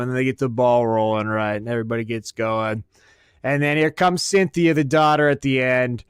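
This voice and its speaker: A podcast host with a smooth, mid-range voice delivers a profane comedic rant, crude and sarcastic, swearing constantly. His intonation stays fairly even at a normal speed, and the recording is dry and studio quality.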